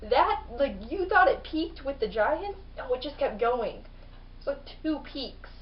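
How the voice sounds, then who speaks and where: A woman reviewing books in a casual vlog, chatty and rambling, full of "like" and gushing with excitement. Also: high voice, a little slow, a little hiss or hum. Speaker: book reviewer. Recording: distant mic, dull lo-fi sound.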